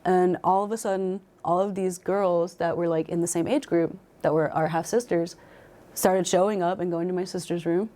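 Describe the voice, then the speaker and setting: A woman's voice: fairly low pitch, steady tone, normal speed, warm tone. A young woman telling her own life story in a casual conversation, emotional and full of "like" fillers and restarts.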